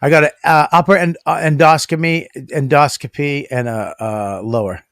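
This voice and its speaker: A man's voice: medium pitch, animated, fairly quick, vocal fry, a bit bright, dry recording, clean studio sound. A middle-aged man co-hosting a podcast, ranting crudely with lots of swearing and laughter. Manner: profane, ranting, laughs often. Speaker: podcast co-host. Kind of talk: crude comedic banter.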